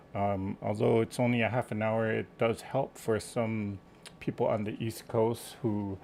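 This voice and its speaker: A man with a gravelly, fry-edged voice hosts a live stream from his home. He chats casually and greets viewers one by one, now and then losing his train of thought. A faint hiss sits under the recording. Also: medium pitch. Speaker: quilting livestream host.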